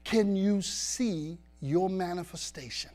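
A man's voice: sits high, slow pace, mellow. A male pastor preaching a sermon in a church, pressing the congregation with rhetorical questions and emphatic repetition.

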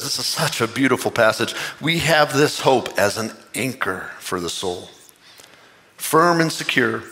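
Bright-voiced impassioned male preacher. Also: medium pitch, big-room sound. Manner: impassioned, rising to excited bursts. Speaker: pastor. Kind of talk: sermon.

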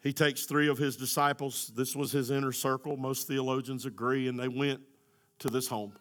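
A middle-aged man preaching a sermon as pastor, swinging from quiet storytelling to loud, climbing exhortation. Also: medium pitch, little pitch movement, moderate pace. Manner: builds from soft storytelling to loud, rising exhortation.

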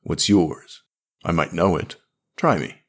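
A man's voice: low voice, slow, heavily acted. A man voicing a blunt, tough male spacefarer who asks plain, direct questions. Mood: curious.

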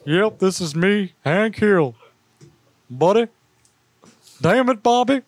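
A man doing an impression of a drawling, gruff cartoon Texan dad. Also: high voice, expressive, takes it slowly, no echo, voice pushed up.

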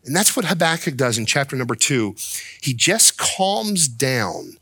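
A male pastor preaching a sermon with strong emphasis. He slows down and drops his voice to read scripture, then rises close to shouting when he acts out the prophet's complaints. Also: medium pitch, big pitch swings, vocal fry, husky, no echo.

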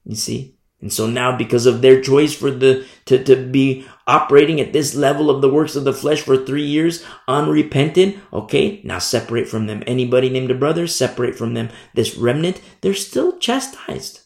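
In a church, a man preaches a sermon at a moderate pace, his gravelly, darkish voice carrying a roomy sound. He repeats and stresses his points, climbing high when emphatic and stumbling over words as he works through scripture verse by verse.

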